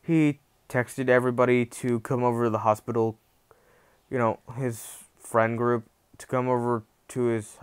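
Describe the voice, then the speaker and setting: A man's voice: mid-range voice, flat delivery, moderate pace, clear, resonant tone. A young man casually retelling a fan-fiction story, rambling with many restarts and acting out the quotes.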